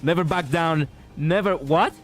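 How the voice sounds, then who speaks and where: A male vtuber commentating a game, excitable and shouting at the screen. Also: fairly high pitch, unhurried. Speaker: vtuber streamer. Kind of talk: gaming commentary.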